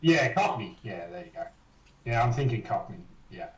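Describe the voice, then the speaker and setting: A man's voice: medium pitch, very animated, normal speed, slight background noise. An Australian man co-hosting a live stream, teasing and cheeky, heavy on slang. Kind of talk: casual live-stream chat. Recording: echoey, distant from the mic.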